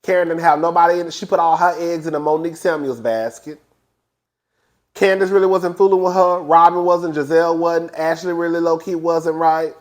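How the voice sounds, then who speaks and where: High-voiced gossipy man recapping reality TV. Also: brisk. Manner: animated, gossipy, acts out quotes in high voices. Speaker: reality TV reviewer. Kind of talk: casual recap commentary.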